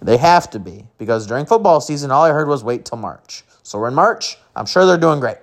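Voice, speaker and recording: A man's voice: fairly high pitch, expressive, quick pace. Rambling, joking man hosting a sports podcast. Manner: rambling, joking, self-mocking. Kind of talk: casual sports podcast chat.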